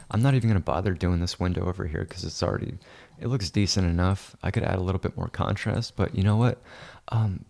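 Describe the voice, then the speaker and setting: A man's voice: deep voice, a little fast, gravelly, darkish tone. A man chatting on a casual livestream while editing photos, joking and boasting in rambling asides, sometimes dropping to a whisper. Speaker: photo editor streaming his work.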